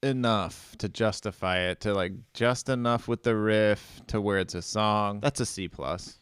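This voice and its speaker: Brief: laid-back podcast co-host, low clear voice, dry close mic, slangy music chatter. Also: male voice, unhurried, fairly bright tone, no echo. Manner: loose, slangy, lots of "like" and "dude". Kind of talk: casual music review chat.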